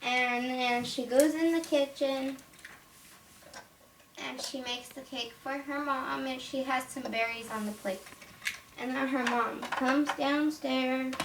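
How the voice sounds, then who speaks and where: A woman's voice: sits high, steady tone, slow pace. Woman, toy reviewer, rambling storytelling, faint background noise, distant mic. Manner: rambling, casual. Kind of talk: toy unboxing and story retelling. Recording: roomy, from far off, faint noise.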